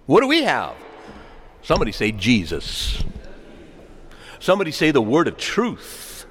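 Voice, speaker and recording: A man preaching a sermon to his congregation, swinging from hushed lines to loud calls and asking them to respond. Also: mid-range voice, huge pitch swings, measured pace, slight background noise. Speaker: pastor. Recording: reverberant hall.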